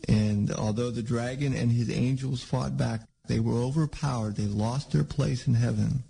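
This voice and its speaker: A man's voice: medium pitch, fairly even intonation, moderate pace, vocal fry, few pauses, warm tone, slightly rough, poor audio. A man preaching a sermon in a conversational, rambling way with frequent restarts.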